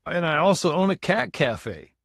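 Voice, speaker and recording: A man's voice: fairly high pitch, sing-song, normal speed, vocal fry, fairly bright tone, dry recording, clean studio sound. A man from Michigan, a guest in a podcast interview, telling his life story in a candid, conversational way. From Michigan, USA. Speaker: guest, motivational speaker.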